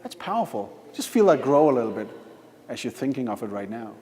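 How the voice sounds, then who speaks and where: A man leading a live hypnosis demonstration at a conference, giving slow, coaxing instructions with repeated lists. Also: medium pitch, sing-song, warm tone. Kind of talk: guiding a live hypnosis demo. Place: conference hall. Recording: reverberant conference hall.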